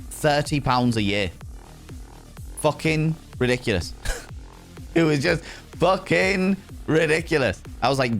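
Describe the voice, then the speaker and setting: A British man hosting a livestream, telling stories animatedly, swearing freely and teasing his chat. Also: mid-range voice. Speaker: livestream host. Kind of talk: casual chat with viewers.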